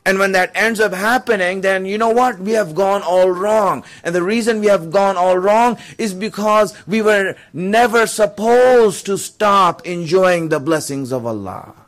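Male preacher, casual storytelling sermon, slightly high voice, chuckles and asides. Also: measured pace, hardly any pauses, fairly bright tone. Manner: conversational, fillers, chuckles while telling.

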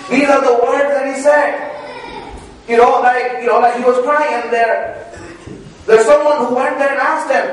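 Male preacher, very high voice, earnest and repetitive, off-mic in an echoey hall. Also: steady tone, moderate pace, pauses often, distant mic, slight background noise. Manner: earnest, repetitive storytelling, coughs now and then. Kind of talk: sermon.

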